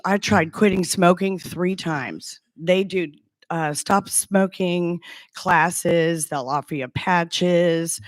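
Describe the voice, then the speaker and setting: A low-pitched woman in her sixties tells her personal story as a former clinic patient. She speaks slowly and earnestly, stopping and restarting as she searches for words. Her voice sounds dry and close. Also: no echo. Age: 60s. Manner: earnest and halting, with frequent restarts. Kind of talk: heartfelt personal testimonial.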